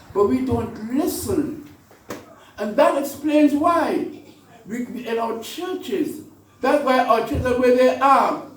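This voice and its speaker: An extremely high, slightly mellow male voice belongs to a priest giving a conversational sermon packed with repetitions and rhetorical questions. It's captured from far off in an echoey church, with a little hiss or hum.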